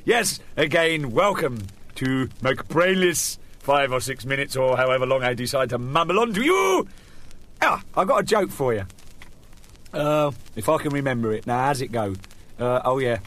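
A man's voice: medium pitch, a bit bright. A middle-aged man, hosting a comic radio segment in a rambling, joking, self-mocking way. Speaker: host.

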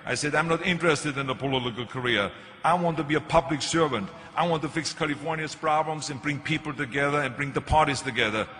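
A man's voice: on the high side, quick pace, bright, forceful tone. A middle-aged man with a German accent giving a motivational speech, telling stories emphatically with jokes. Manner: emphatic, joking storyteller. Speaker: public speaker. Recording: echoey hall.

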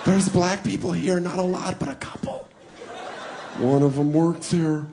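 A man's voice: a little high, fairly even intonation, measured pace, vocal fry, crowd noise, background noise, voice pushed up. A man doing a fretful whiny audience member. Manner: worried, whiny complaining.

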